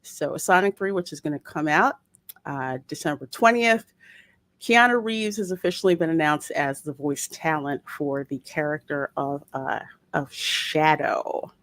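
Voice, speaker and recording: A woman's voice: low-pitched, unhurried, dry recording. A woman hosting a casual live-stream podcast, reading out chat messages and laughing easily. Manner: animated, reads chat names aloud, laughs easily. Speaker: podcast host.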